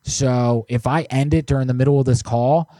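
A man's voice: medium pitch, steady tone, normal speed, dark tone, no room sound. A man co-hosting a prank call stream, chatting casually and joking while he reads out viewer submissions. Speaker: prank call show co-host. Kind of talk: casual live-stream chat.

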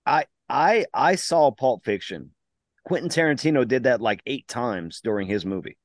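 A man's voice: medium pitch, animated, normal speed, no echo, clean studio sound. A man co-hosting a podcast, joking around and going off on rambling tangents, with swearing. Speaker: podcast co-host. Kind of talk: casual podcast chat.

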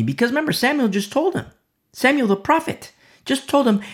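A man's voice: extremely high pitch, big pitch swings, a little fast, creaky. A man teaching a Bible study in sermon style, emphatic, who repeats rhetorical questions and sometimes drops to a whisper.

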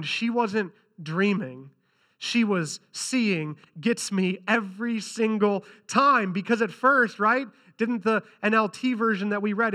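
A man's voice: high-pitched, sharp tone. A man preaching a sermon who reads scripture aloud and earnestly repeats key lines for emphasis. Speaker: pastor.

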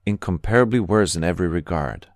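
A man's voice: sits low, fast, dry recording, studio quality. A man voicing a bitter, emphatic pessimist in an audiobook, speaking with scorn. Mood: scornful.

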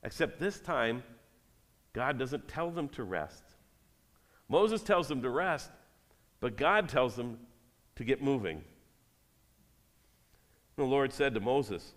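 A man's voice: mid-range voice, lively intonation, takes it slowly, pauses often, a bit bright, big-room sound. A man, a pastor, giving a sermon. He reads scripture aloud and then speaks directly to the congregation.

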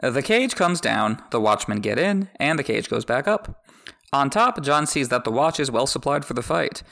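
A man hosting a chapter-by-chapter book podcast, mixing read-aloud passages with wry jokes. His mid-pitched voice carries a gravelly, creaky texture. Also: lively intonation, moderate pace, a bit bright. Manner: wry, joking asides. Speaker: podcast host. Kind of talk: chapter recap with read excerpts.

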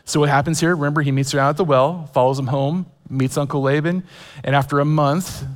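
A man's voice: fairly high pitch, fairly even intonation, brisk, in a large hall. A man in his forties preaching a sermon, telling stories with self-deprecating humor, many fillers and restarts. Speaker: pastor. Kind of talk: sermon with personal storytelling.

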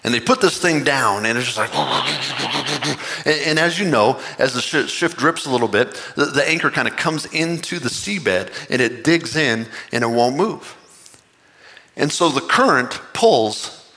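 A man preaching a sermon, impassioned and earnest, with excited rising bursts. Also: mid-range voice, unhurried, creaky, in a large hall. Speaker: pastor.

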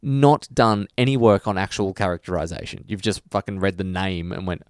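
A man's voice: low voice, fairly quick, clean tone, no room sound, clean studio sound. A man co-hosting a podcast in casual chat, ranting heatedly with profanity and restarts. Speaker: podcast co-host.

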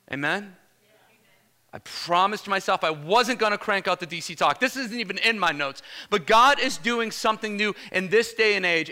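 A male pastor preaching a lively sermon, energetic and casual, calling out "Amen?" to the congregation. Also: sits high. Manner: energetic, casual slang, repeated "Amen?" calls.

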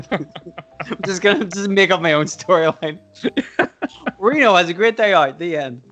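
A man's voice: high-pitched, animated, unhurried, pushed and bright. A man co-hosting a casual podcast, joking, swearing freely and laughing often. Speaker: podcast co-host. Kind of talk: casual chat.

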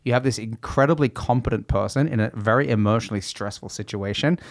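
A man's voice: medium pitch, quick pace, gravelly, no echo, clean studio sound. A man in casual podcast chat, talking in an easygoing, laid-back way.

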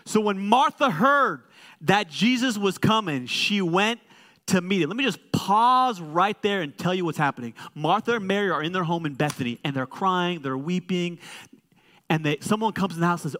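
A man, a co-lead pastor, preaching a sermon in a church, animated and joking, moving from quiet asides to loud exclaims. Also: sits high, moderate pace.

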